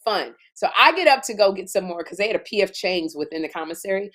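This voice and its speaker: A woman's voice: mid-range voice, lively intonation, quick pace, a bit bright. A woman co-hosting a comedy talk show, telling a funny story and acting out scenes in exaggerated voices. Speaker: podcast co-host.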